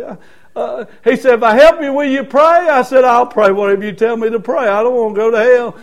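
A man preaching a sermon as a personal testimony, in a folksy way, going from soft, quiet stretches to loud shouted peaks. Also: very high-pitched, animated, brisk, gravelly.

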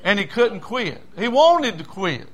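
Preacher guy, high voice, folksy, goes from loud bursts to low mumbles, lots of uh uh. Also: big pitch swings, a little slow. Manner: dramatic, swings between loud outbursts and low murmurs; folksy, with many fillers and restarts. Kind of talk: sermon.

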